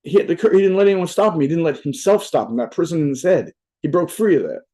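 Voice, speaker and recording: A young adult man talks quickly in a slightly high voice with a dark tone and lively intonation. As a motivational speaker at a virtual event, he rambles casually on his mic, swears freely, and leans heavily on "right?" asides and filler.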